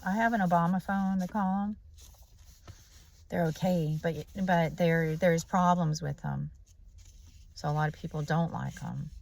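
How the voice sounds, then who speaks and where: Gravelly-voiced woman ranting bluntly. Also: on the low side, steady tone, measured pace, pauses often, darkish tone. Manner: blunt, swears constantly, preachy. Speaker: vlogger. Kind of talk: profane ranting monologue.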